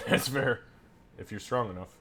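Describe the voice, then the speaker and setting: A man's voice: mid-range voice, a crowd in the background. A man running a tabletop game over a voice call, narrating with many fillers and restarts. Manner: halting, lots of fillers and restarts while narrating. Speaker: game master.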